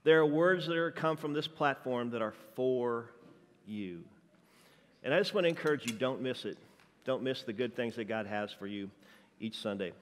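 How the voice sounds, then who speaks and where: Energetic juggling preacher in a reverberant hall. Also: male voice, mid-range voice, moderate pace. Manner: playful, jokey, energetic crowd-work. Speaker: guest speaker and juggler. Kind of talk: church sermon with juggling. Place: church sanctuary.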